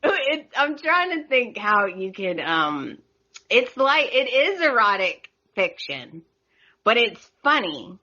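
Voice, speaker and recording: A woman hosts a relaxed podcast conversation, her voice bright and forward. She chats easily and laughs often. The sound is somewhat dull and lo-fi. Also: a little high, slow pace. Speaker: podcast host. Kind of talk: casual podcast chat.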